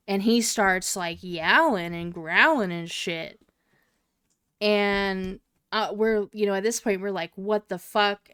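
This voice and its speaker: A woman's voice: mid-range voice, fairly bright tone, clean tone, dry recording, clean studio sound. A woman in her twenties co-hosting a podcast, telling a story casually with lots of swearing and fillers. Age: 20s. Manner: profane, meandering storyteller with many fillers. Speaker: podcast co-host.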